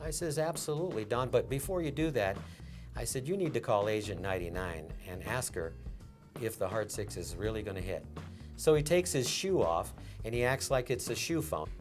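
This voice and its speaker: An older man, a former casino dealer from Las Vegas, telling an animated story in an interview and acting out the lines of the people in it. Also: medium pitch, brisk, faint music behind. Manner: animated storyteller, acts out quotes.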